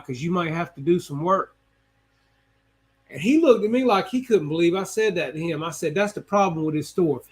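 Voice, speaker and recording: A middle-aged man with a fairly high voice tells a story on a live hobby stream in casual chat. He speaks in a plainspoken, folksy way, replays what each person said and asks his viewers questions as he goes. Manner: plainspoken, folksy, retells conversations with asides to viewers.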